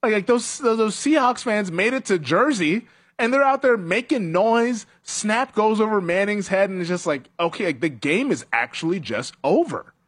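A man's voice: high voice, animated, moderate pace, a bit bright, husky. A man hosting a sports talk show, chatting casually, laughing often and acting out quotes. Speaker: sports radio host.

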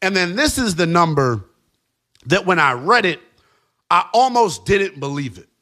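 A man's voice: high voice, very animated, a little slow, bright, forceful tone. A man hosting a sports radio show, ranting emphatically about officiating. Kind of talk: opinionated sports talk.

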